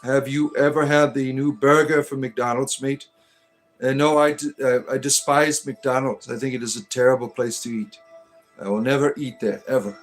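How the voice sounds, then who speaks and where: A man with a Detroit accent hosting a livestream, reading viewer comments aloud and answering them in a deadpan, tongue-in-cheek mystic persona. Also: mid-range voice, normal speed, soft background music. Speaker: livestream host.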